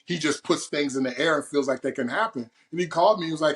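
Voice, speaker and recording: Animated man telling his story. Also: on the high side, fast talker, hardly any pauses. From Oakland, California. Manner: animated, storytelling, boisterous and loud when excited. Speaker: guest poet. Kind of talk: interview conversation.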